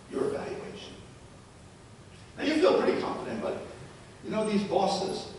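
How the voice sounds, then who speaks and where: A man giving a live talk to parents and educators, telling stories and asking rhetorical questions. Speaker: presenter. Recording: echoey hall, distant mic, faint rumble.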